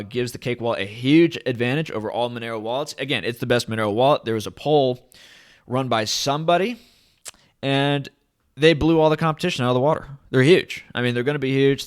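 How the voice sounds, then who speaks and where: A man hosting his own channel, talking to camera in a rambling, enthusiastic way. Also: mid-range voice. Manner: rambling, enthusiastic, hype-driven. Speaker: crypto channel host. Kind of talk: casual to-camera vlog. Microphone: camera at desk.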